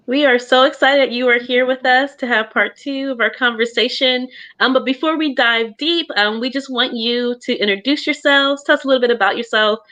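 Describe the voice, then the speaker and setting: A woman's voice: high voice, normal speed, few pauses, bright, forceful tone. A woman from Pennsylvania co-hosting a livestream, welcoming guests in a chatty way with fillers. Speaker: co-host.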